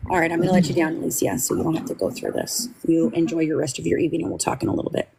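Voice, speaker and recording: A woman's voice: low-pitched, animated, rapid-fire, vocal fry, noisy background. A woman hosting a live stream who speaks in an agitated, swearing way, her voice tight with anger. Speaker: livestream host. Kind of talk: live-stream talk to chat.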